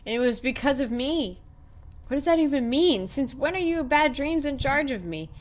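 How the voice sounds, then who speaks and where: A woman's voice: sits high, lively intonation, normal speed. A woman voicing a jumpy young woman cat who is haunted and frightened, reading game lines aloud. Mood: shaken. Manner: frightened, pleading questions.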